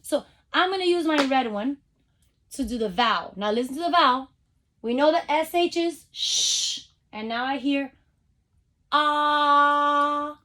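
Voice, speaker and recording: High-voiced woman teaching phonics slowly. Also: sharp tone. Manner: sounds out letters slowly and stretches vowels; upbeat, encouraging, speaks straight to the kids. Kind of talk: phonics lesson for young children over video call.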